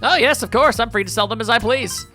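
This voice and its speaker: A man voicing a slick, smooth-talking salesman boss from a video game, in a smarmy pitchman manner. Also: fast talker, pushed and bright, soft background music, natural voice.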